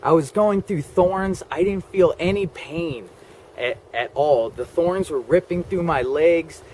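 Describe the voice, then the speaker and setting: A man's voice: on the high side, a little slow, darkish tone, slight background noise. A man telling a personal story in a rambling way, full of "like" and "okay?" asides. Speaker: vlogger.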